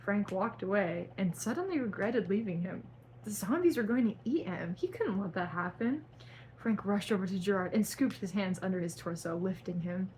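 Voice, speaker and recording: Young woman reading her cringey fanfic out loud, over the top, bit of hiss behind. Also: medium pitch, normal speed, low-quality recording. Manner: melodramatic, breaks off to laugh and cringe at her own writing. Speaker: YouTuber reading her own fan fiction. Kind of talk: dramatic reading with asides.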